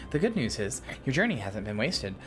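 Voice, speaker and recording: A woman doing a stern male elf commander in a fantasy game. His formal orders come out with a lively, rising-and-falling pitch and the odd stumble on a word. Faint music plays behind him. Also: normal speed. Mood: formal, earnest. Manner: reads stiff, formal lines aloud, stumbling and correcting himself.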